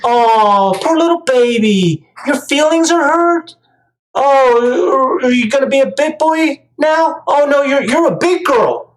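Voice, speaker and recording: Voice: high voice, lively intonation, slow pace, pitched above the performer's own voice. A speaker doing a mocking sing-song baby-talk voice. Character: condescending adult cooing at a whiny grown child. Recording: echoey room.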